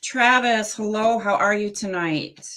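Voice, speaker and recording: A woman's voice: mid-range voice, a little slow, sharp tone, a little hiss or hum. A woman hosting a live tarot reading show, chatty and friendly as she reads cards aloud. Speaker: host.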